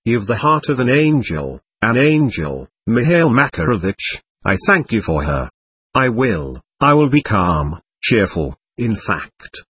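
A man's voice: fairly low pitch, very animated, unhurried, fairly bright tone, husky, exaggerated voice. A man voicing an impetuous young prisoner who speaks in fervent, pleading outbursts, read in an audiobook.

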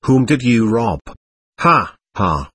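A man voicing an excitable, proud nobleman under police questioning, talking on and on in a defiant way. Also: medium pitch, slow, slightly rough, no echo, exaggerated voice. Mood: defiant, voluble. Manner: voluble, defiant, laughing nervously.

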